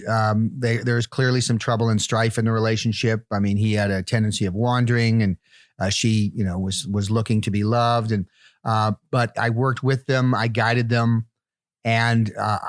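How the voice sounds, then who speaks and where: A man co-hosting a comedy podcast, rambling through absurd claims in a deadpan way. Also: lowish voice, no room sound, studio quality. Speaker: podcast co-host. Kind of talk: casual comedy chat.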